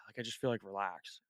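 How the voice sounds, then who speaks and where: Chill young dude, average pitch, drawls and swears, dry sound. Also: male voice, no echo. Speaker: podcast co-host. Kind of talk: casual chat.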